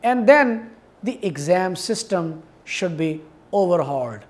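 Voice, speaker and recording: A man giving an academic lecture on pronunciation, speaking in a measured, explanatory way and repeating key words. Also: sits high, expressive. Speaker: university English lecturer.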